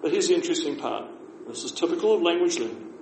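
A man with a New Zealand accent teaches a relaxed language class, slowing down to repeat each phrase. His voice sits fairly high yet sounds mellow. The room is echoey, with a faint hum of noise behind him. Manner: patient, explains slowly and repeats phrases.

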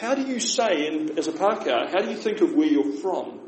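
A man with a New Zealand accent, teaching beginner Māori phrases in a relaxed class, explaining slowly and repeating words for his learners. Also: fairly high pitch. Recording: echoey room with faint noise.

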